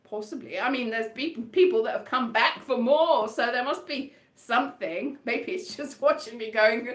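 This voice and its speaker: Woman, high-pitched, whimsical and rambling solo performer; echoey room with faint guitar. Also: normal speed. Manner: whimsical, playful, wandering off on tangents. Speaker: solo live-stream performer. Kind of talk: rambling improvised comic chat between songs. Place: indoor room.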